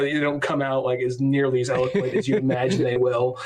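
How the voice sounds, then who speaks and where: A man's voice: mid-range voice, little pitch movement, fast, hardly any pauses. A man hosting a podcast in casual chat, rambling and crude, acting out quotes. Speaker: podcast host.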